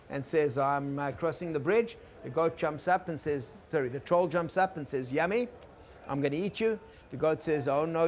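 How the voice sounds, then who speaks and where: A man teaching about conflict in a gentle, explaining lecture style, checking in with his listeners. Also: fairly high pitch, a little hiss or hum. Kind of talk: recorded lecture.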